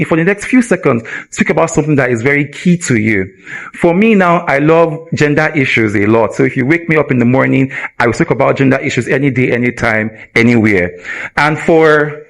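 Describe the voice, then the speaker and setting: Nigerian-accented male trainer, energetic, quizzing a live audience, fairly high voice. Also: vocal fry. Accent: Nigerian English. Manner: energetic, asks the audience rhetorical questions. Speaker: communication trainer. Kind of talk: live workshop teaching. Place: event hall with a live audience.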